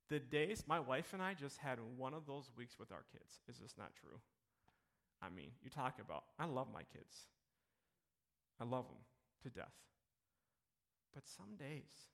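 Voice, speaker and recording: A man's voice: fairly high pitch, fairly bright tone. A man in his thirties preaching a sermon as pastor, telling a story and moving into emphatic appeals to the congregation.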